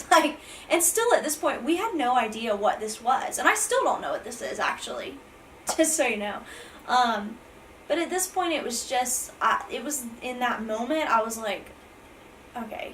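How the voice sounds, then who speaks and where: A woman's voice: on the high side, fairly bright tone, distant mic, a little hiss or hum, low-quality recording. A young woman, rambling through an emotional storytime vlog with many fillers and restarts, near tears with her voice breaking. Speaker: vlogger.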